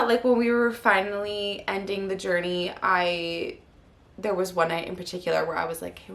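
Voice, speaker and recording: A woman's voice: lowish voice, creaky, fairly bright tone. A woman in her thirties, a mother, telling her story in a heartfelt, rambling way with many fillers, close to tears at times. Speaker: vlogger and mother. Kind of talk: candid personal vlog.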